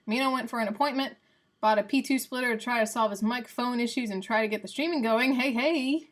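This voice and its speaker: A woman's voice: fairly high pitch, fast talker. A woman live streaming in casual chat, rambling and answering her viewers by name. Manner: coos softly to her cat.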